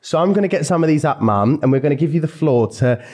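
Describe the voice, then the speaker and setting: A man's voice: a little high, expressive, fast, darkish tone. Young British man hosting a chat. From United Kingdom. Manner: steers the segments, reads listener questions. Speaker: podcast host, son. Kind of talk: casual podcast hosting.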